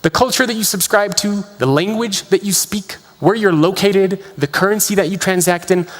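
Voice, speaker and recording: A man's voice: sits high, moderate pace. A man giving a keynote talk to a large audience in a conference hall. He tells stories with energy and asks the room rhetorical questions. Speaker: keynote speaker. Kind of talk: keynote storytelling.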